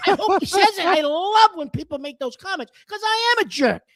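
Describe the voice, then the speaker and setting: A man co-hosting a casual sports talk show, rambling and self-deprecating, coughing and clearing his throat now and then. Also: very high voice, animated, a little fast, fairly bright tone, no room sound, studio quality.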